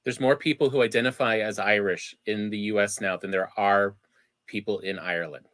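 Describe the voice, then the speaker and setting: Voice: low-pitched, fairly even intonation, fairly quick, fairly bright tone, no room sound. A podcast co-host in casual chat, dropping dry, wry comments.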